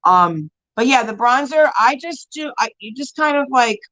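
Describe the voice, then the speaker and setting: Her voice is fairly high, expressive and fairly bright, at normal speed, as she hosts a relaxed beauty live stream. She answers viewers in a rambling way, peppered with fillers, laughing frequently. The recording is low quality.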